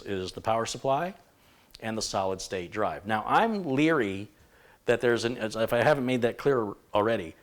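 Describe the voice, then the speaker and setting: Male live-stream tech host, somewhat low voice, chatty and rambling, corrects himself mid-sentence. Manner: thinks aloud, rambling with self-corrections. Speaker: computer repair host.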